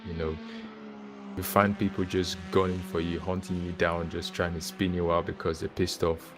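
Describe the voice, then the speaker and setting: A man with a very deep voice speaks in a relaxed, halting way, full of ums and restarts. He sounds easygoing and grateful, and music plays clearly behind him. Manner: relaxed, appreciative, hesitant with fillers. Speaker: new league member. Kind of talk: casual voice chat.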